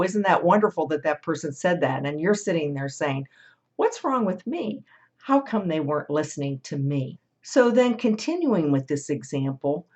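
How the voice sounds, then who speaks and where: Low-voiced woman guiding inner reflection. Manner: gentle, reflective, acts out quoted thoughts. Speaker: host of a guided listening series. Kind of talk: guided self-reflection talk. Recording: dull lo-fi recording.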